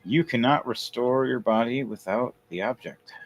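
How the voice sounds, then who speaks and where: A man narrating a tabletop game as game master, lively and building up each scene. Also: medium pitch, normal speed.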